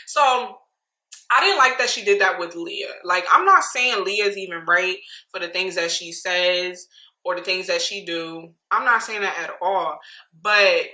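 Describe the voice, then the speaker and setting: Bright, forceful woman, animated opinionated recap, echoey room. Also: medium pitch. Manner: animated, opinionated, quick asides. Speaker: reality TV recap vlogger. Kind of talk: casual chat.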